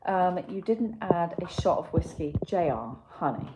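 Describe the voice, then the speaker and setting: A woman's voice: fairly low pitch, lively intonation, moderate pace, hardly any pauses, heavy background noise. A woman with a Yorkshire accent chatting casually on a livestream from home, self-mocking and swearing freely. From England. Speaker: livestream host. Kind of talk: casual chat with live chat. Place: home room. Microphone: computer mic.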